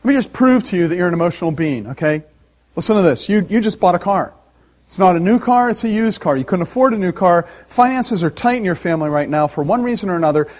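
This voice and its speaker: A man pastor preaching a sermon, animated and emphatic, with dramatic pauses. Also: high-pitched.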